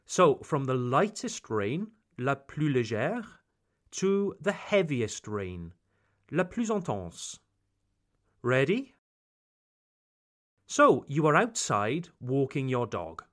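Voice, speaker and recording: A British man hosting a language lesson podcast, speaking slowly and emphatically like a teacher and drawing out example phrases. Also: mid-range voice, sing-song. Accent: British English. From Britain. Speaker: English teacher, podcast host.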